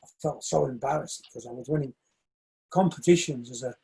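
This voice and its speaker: A man in his sixties, a shoemaker and dance coach, telling lively stories in a casual interview and acting out other people's voices. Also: medium pitch, fairly quick, gravelly, slightly rough, rough recording. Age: 60s. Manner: animated storyteller, acts out quoted voices.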